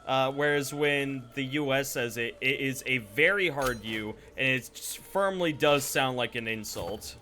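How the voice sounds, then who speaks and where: A man's voice: mid-range voice, measured pace, hardly any pauses, bright, forceful tone, a little hiss or hum. A young man giving rambling, casual live gameplay commentary, swearing freely and chatting with viewers. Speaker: Twitch streamer.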